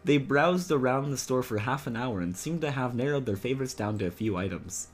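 A speaker reading a visual novel's narration aloud between jokes with friends, with a husky voice. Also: mid-range voice, lively intonation, fairly quick, soft background music. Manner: reads narration, then breaks off laughing and joking.

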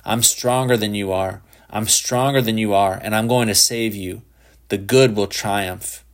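A man's voice: fairly low pitch, steady tone, a little slow, lightly acted. A man voicing an earnest, self-righteous grown man who speaks indignantly and harshly in a storybook reading. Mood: insistent.

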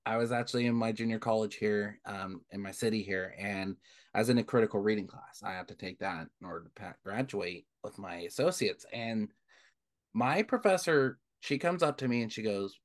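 A man's voice: fairly low pitch, moderate pace. A young man co-hosting a podcast, telling stories in casual chat and acting out what others said. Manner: relaxed storyteller, acts out quoted dialogue. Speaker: podcast co-host.

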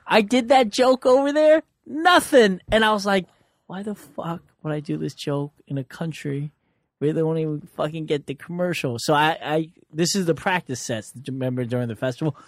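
A man's voice: fairly high pitch, normal speed, no room sound. A young man, a comedian, telling stories in a casual chat in a dry, sarcastic way with a lot of swearing. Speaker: comedian guest.

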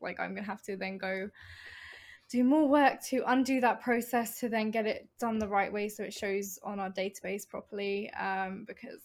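A woman's voice: mid-range voice, fairly even intonation, moderate pace, vocal fry. A woman who leads a team, venting in an exasperated, profane way during casual chat.

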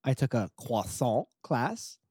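A young man chatting casually, telling a travel story with lively acted quotes and frequent laughs. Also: mid-range voice, slow pace, husky, no room sound, studio quality. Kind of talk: casual chat.

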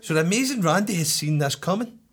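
A man casually telling a story on a podcast, animated, cursing freely and checking in with his listener. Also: sits high, fast talker, breathy edge.

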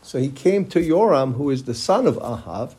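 A man's voice: mid-range voice, lively intonation, moderate pace, darkish tone, breathy edge. A man giving a Torah class, casually retelling religious stories and mixing in Hebrew terms as he goes. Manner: loose storytelling with Hebrew terms and restarts. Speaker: Torah teacher.

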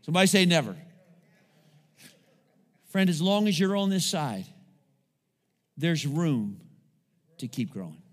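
A man's voice: on the high side, lively intonation, a little slow, pauses often, big-room sound. A male pastor preaching a sermon to his congregation, calling out to them and asking for responses as he goes. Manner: preaching with call-outs to the congregation. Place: church sanctuary.

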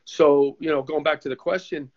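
A man, a former goalkeeper turned coach, telling animated stories in a casual interview and acting out the voices of people he quotes. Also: fairly high pitch, moderate pace. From United States. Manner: animated storyteller who acts out quoted voices. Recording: slightly dull lo-fi sound.

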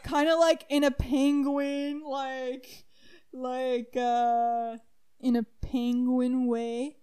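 A high-voiced young woman tells a story to a friend in an animated, giggly way. She fills her speech with "like" and squeals up high at the funny parts. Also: slow. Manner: animated, laughing, squeals when excited, many "like"s. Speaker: storyteller co-host. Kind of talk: casual storytelling chat.

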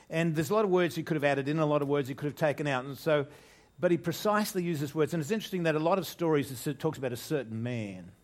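A man's voice: mid-range voice, darkish tone. An older man preaching a conversational sermon to his congregation, restarting phrases and asking rhetorical questions. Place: church, speaking to a congregation.

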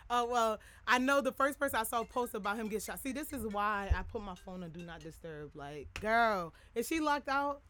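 Talking candidly to her listeners, this young woman podcast host rambles casually and fills her speech with filler words. She speaks fairly quickly with few pauses in a mid-range, slightly bright voice.

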